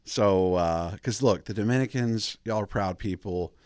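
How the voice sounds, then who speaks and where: Man, podcast host, low voice, dry close sound, rambling, digressive, laughs at own jokes. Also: measured pace, darkish tone, no echo. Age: adult father of kids. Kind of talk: rambling comedic monologue.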